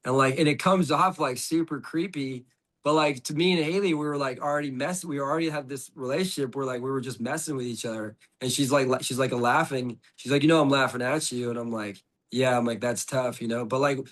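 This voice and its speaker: A man's voice: mid-range voice, fairly quick, fairly bright tone. A middle-aged man, a podcast guest, telling a story in casual conversation, rambling with lots of "like" and restarts.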